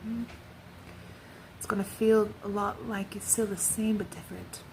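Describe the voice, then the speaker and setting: A woman talking through her spiritual thoughts in a loose, wandering monologue. Her pitch sits in an ordinary middle range, and she slips into hushed whispers now and then. A steady hiss of background noise runs under her voice. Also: normal speed, low-quality recording. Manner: drifts into soft whispers, meandering and reflective. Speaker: vlogger sharing spiritual channeling.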